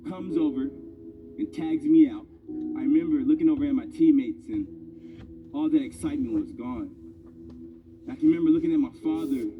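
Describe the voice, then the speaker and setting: Motivational speaker, man in his thirties, emphatic personal storytelling, high-pitched, loud music bed. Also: recorded from a distance, narrow, tinny audio. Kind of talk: motivational speech. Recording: speech over loud background music.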